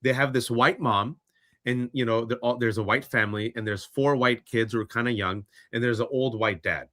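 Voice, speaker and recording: A man's voice: mid-range voice, moderate pace, bright, forceful tone. A man ranting sarcastically in impassioned political commentary on a podcast, slipping into mock voices. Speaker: podcast co-host.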